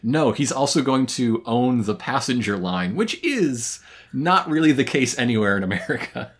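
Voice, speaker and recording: A woman's voice: very deep voice, sing-song, normal speed, husky. A woman co-hosting a casual recap chat, wry and profane, laughing often. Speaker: podcast co-host.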